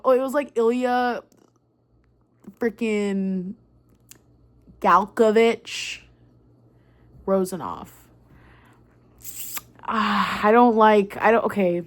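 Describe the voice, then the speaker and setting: A young woman ranting about a book straight to camera, her voice sitting at an ordinary middle pitch. She talks casually and excitably, swears freely and strings her thoughts together with plenty of "like" and "um". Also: extremely slow, pauses often. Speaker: book vlogger.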